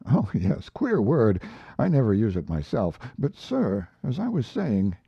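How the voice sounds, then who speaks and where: Man putting on a high, fawning old clerk, fussy and deferential, storybook reading. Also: huge pitch swings, a little slow, gravelly, slightly rough, dry recording, full character voice. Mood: obsequious. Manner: obsequious, fussy. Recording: dull lo-fi recording.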